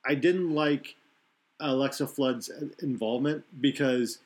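Casual talk-show man, middling pitch, loose and rambling, lots of restarts. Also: measured pace, darkish tone. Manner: rambling, self-correcting analysis. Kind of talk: casual wrestling chat.

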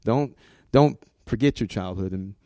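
A man's voice: lowish voice, measured pace, warm tone, no echo. A middle-aged man, a comics art director, talking casually in an interview, rambling and repeating words, laughing often.

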